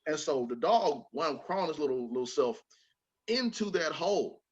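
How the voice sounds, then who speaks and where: A man hosting a podcast, telling a childhood story in a casual, animated way with plenty of swearing. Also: on the high side, normal speed, breathy edge, highs cut off. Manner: animated, swearing, repeats words when excited. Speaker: podcast host.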